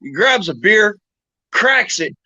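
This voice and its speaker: A man on a casual voice chat, telling long crude jokes with drawn-out buildup and loud laughs. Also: high-pitched, very animated, no echo, lo-fi sound. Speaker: panel participant.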